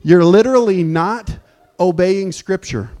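A man with a high-pitched voice preaches a sermon. He talks in an emphatic call-and-response manner, firing questions at his listeners and pressing each point home. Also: measured pace, darkish tone. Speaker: pastor.

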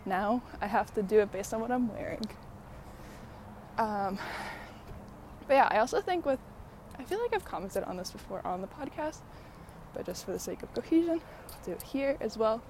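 A woman's voice: on the high side, animated, normal speed, darkish tone, a little hiss or hum. Breathless woman chatting while walking. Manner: many fillers, laughs often while talking. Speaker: podcast host. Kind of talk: casual rambling chat.

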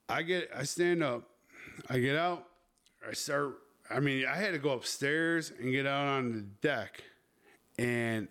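A man's voice: mid-range voice, a bit bright, smooth. A man hosting a podcast, telling a crude story in a rambling, casual way with lots of swearing. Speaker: podcast host.

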